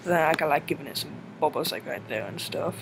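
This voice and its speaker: A man's voice: fairly high pitch, fast talker, vocal fry. Rambling young guy, noisy mic. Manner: rambling, heavy use of "like", self-correcting. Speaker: tutorial narrator. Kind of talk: casual screen-recorded game tutorial. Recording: noisy home mic recording.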